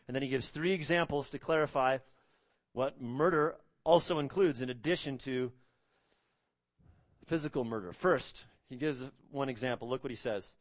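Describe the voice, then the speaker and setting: A man preaching a sermon as pastor, speaking emphatically, rising on key words and dropping low and quiet on solemn points. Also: normal speed, no room sound.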